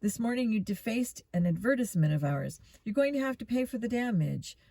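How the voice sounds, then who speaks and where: A woman voicing a quick-thinking, bold teenage boy detective in a storybook reading, plain and direct. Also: fairly high pitch, lively intonation, dark tone, no room sound.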